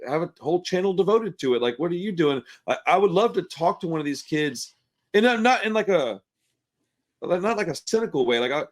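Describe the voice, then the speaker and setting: A man's voice: a little high, lively intonation, fairly quick. A man hosting a casual interview, chatty and self-deprecating, calling people "dude" and "man.". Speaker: interview host, YouTuber.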